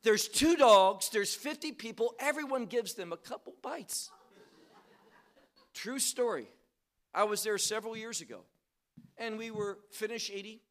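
A man preaching a sermon, asking the audience questions and swinging from quiet asides to loud, stressed points. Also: high voice, moderate pace, long pauses.

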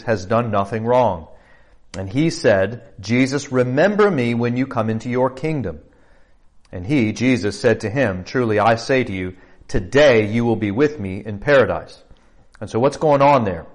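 A male pastor delivers a teaching sermon in an easy, conversational way. His voice sits at an ordinary middle pitch. He works through the text with rhetorical questions and the odd filler.

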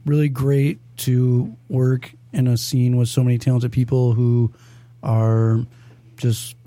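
Dark-voiced easygoing man. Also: medium pitch, level tone, slow, no room sound. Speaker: bartender guest. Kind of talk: casual chat.

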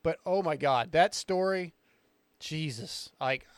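A man hosting a casual podcast, excitable and rambling, who swears freely. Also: fairly high pitch, takes it slowly, clean tone, no room sound. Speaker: podcast host.

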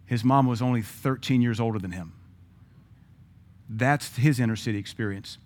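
A man's voice: mid-range voice, moderate pace, darkish tone. A middle-aged man, preaching a sermon as pastor, telling stories with acted-out quotes and blunt asides.

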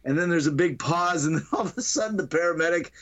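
Podcast guy retelling a comedy scene, laughing a lot, doing the voices, kinda high. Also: fast. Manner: animated, laughs often, acts out lines in voices. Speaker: podcast co-host. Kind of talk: casual chat, retelling a movie scene.

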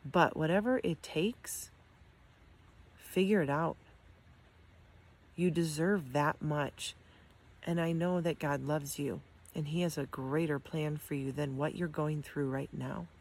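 A middle-aged woman with a deep, slightly mellow voice speaks slowly and fairly evenly, pausing often. She is an amputee sharing her experience in a heartfelt motivational talk to camera, earnest and encouraging, with frequent ums and restarts.

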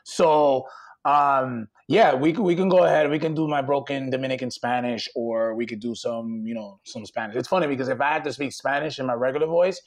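A man talking as a podcast guest in animated, rambling casual chat, swearing casually. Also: mid-range voice, fairly quick.

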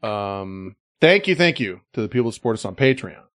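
A man's voice: fairly low pitch, big pitch swings, brisk, a bit bright. A man co-hosting a podcast, chatting loosely and thanking supporters. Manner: loose, rambling, thanks listeners. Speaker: podcast co-host. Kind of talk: casual podcast chat.

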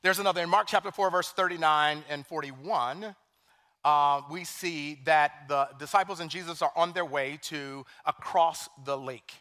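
A male pastor delivering a sermon in a high, bright voice. He is animated, dropping to a hush for scripture quotes and rising to loud emphasis on his points. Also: moderate pace. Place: church sanctuary.

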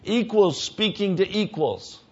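Male pastor, sermon delivery, emphatic, hushed to loud; muffled low-fidelity recording. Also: lively intonation, unhurried, breathy edge.

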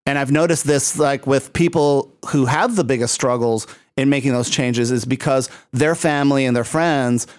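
A man's voice: medium pitch, normal speed, hardly any pauses, clean tone, dry recording. A man hosting a casual interview chat, chatty and laughing often, with plenty of fillers. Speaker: host.

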